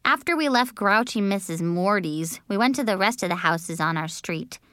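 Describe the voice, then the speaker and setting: A woman reading a children's book aloud as a childlike, expressive first-person narrator. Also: medium pitch, normal speed, clean tone, no echo, clean studio sound. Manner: bouncy, childlike and expressive, with shrieks. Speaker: audiobook narrator.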